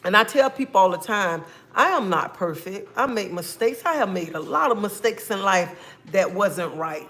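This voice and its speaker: A woman's voice: medium pitch, animated, moderate pace, a bit bright. A woman hosting her own livestream, greeting viewers by name and talking casually about faith and her life. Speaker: livestream host.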